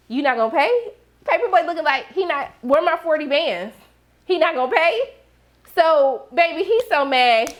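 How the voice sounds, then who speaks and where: Sassy lady w a high voice recapping a tv episode, AAVE slang, hypes up her viewers. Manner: animated, sassy, talks straight to viewers with slang. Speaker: TV recap host.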